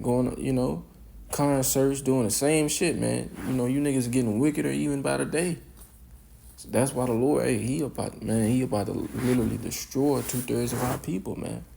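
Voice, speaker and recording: A man's voice: mid-range voice, vocal fry, dark tone. A man giving informal scripture commentary, rambling and repeating words, ending phrases with "man".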